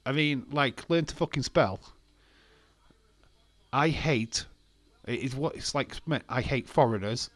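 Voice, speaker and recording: Man, young, casual stream chat, laughs a lot, mid-pitched voice, dry close sound. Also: takes it slowly, pauses often, fairly bright tone, dry recording. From England. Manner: chatty, laughs often, swears. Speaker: live stream host. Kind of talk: casual chat reading live comments.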